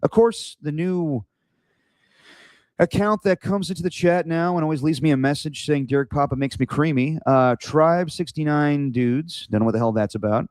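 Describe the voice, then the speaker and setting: A man's voice: a little high, moderate pace, a little mellow, no echo, clean studio sound. A man hosting a sports podcast, telling stories in a laid-back, chatty way. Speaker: podcast host. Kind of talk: casual sports chat.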